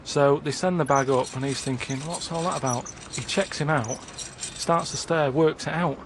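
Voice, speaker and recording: Deadpan rambling man. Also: fairly high pitch, noisy background. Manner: halting, repetitive, unhurried. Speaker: storyteller on a comedy podcast.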